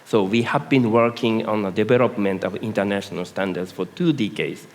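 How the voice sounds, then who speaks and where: A man speaking on a conference panel, halting and full of hesitations. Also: fairly low pitch. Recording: reverberant conference hall.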